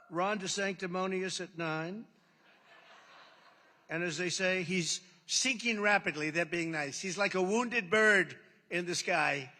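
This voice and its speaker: At a rally in a large indoor hall, a political speaker gives a rambling, boastful, off-the-cuff speech into a podium mic, repeating himself for emphasis. His voice sits high and sounds pushed and bright. The amplified sound carries a long hall reverb.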